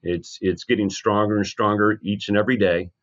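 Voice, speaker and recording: A man's voice: fairly low pitch, fairly even intonation, fairly quick, dull audio. A man as a guest advisor in a podcast interview, answering confidently and upbeat with many restarts.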